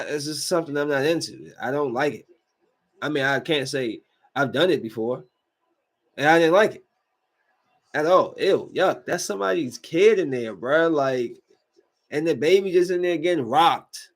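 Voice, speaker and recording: A man hosting his own podcast, ranting casually with many fillers and repeated phrases. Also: on the high side. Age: adult with kids. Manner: animated, repeats himself, lots of "like" fillers. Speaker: podcast host. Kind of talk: solo casual podcast rant.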